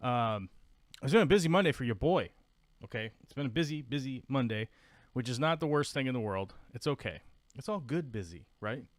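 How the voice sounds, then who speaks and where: A man's voice: mid-range voice, expressive, fairly quick, dry recording. A man hosting a casual live stream, chatting in a goofy, rambling way and greeting viewers in the chat by name. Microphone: desk microphone.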